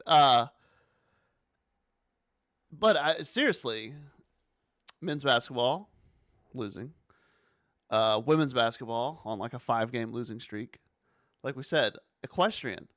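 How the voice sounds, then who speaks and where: A man hosting a sports talk show, chatting casually and animatedly, sometimes rising to exasperated near-shouts. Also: mid-range voice, expressive, measured pace, pauses often, no echo, studio quality. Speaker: sports podcast host.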